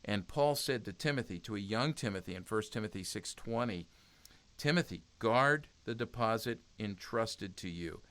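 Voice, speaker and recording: A man's voice: fairly low pitch, animated, normal speed, fairly bright tone. A man speaking as a guest in a conversational interview, earnest and exhortative, often restarting his sentences. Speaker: podcast guest, youth ministry speaker.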